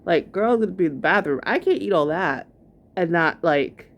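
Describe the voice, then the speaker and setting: A woman's voice: fairly low pitch, lively intonation, normal speed, lo-fi sound. A woman giving chatty, gossipy reaction commentary on a video, full of "like" fillers. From New York. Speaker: commentary vlogger.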